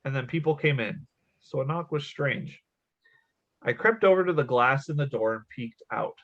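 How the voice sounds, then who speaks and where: Casting: man, thirties, podcast host, mid-pitched, casual storyteller, slightly dull lo-fi sound. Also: expressive, moderate pace. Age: 30s. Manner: laughs often, swears casually. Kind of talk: casual podcast chat, reading a story aloud.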